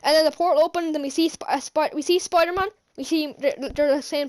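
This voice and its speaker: A woman giving an excited, rambling movie recap as a vlogger, gushing, with lots of fillers and restarts. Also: high-pitched, quick pace, few pauses.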